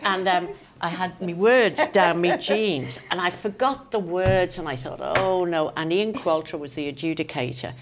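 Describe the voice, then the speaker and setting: An older woman with a Manx accent, a lively storyteller who laughs often, reminiscing in a conversation. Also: lowish voice, normal speed, crowd noise. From Isle of Man. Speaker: interviewee.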